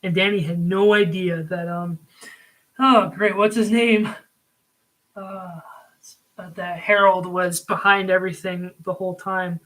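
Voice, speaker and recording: Guy rambling through a casual review, lots of um and like, bright sharp voice. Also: high voice, fairly even intonation, measured pace, poor audio. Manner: rambling, frequent ums and likes. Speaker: video reviewer.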